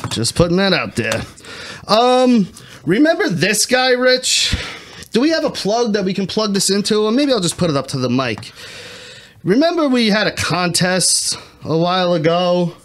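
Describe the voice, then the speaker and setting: A man's voice: sits high, big pitch swings, moderate pace. A young man co-hosting a casual podcast, joking and giving strong opinions in a rambling way. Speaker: podcast co-host. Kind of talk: casual chat.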